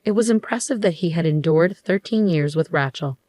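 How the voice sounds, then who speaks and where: A woman reading a first-person story aloud in an even, measured way. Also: fairly low pitch, no room sound. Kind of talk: scripted first-person narration.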